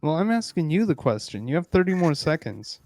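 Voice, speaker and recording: A man hosting a casual comedy podcast, playful and mock-earnest, with loud bursts of excitement. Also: a little high, brisk, no echo. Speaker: podcast host.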